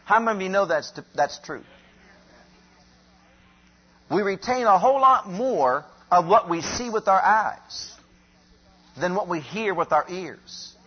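Male preacher, husky, high-pitched, slow and emphatic call-and-response delivery. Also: muffled recording. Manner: emphatic, repetitive, leads congregation in call-and-response. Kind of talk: sermon.

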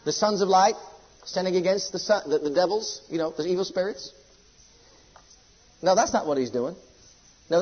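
Husky-voiced man preaching fervently. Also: moderate pace, long pauses, muffled recording. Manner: fervent, swinging from loud exhortation to low intensity. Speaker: pastor. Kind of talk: sermon.

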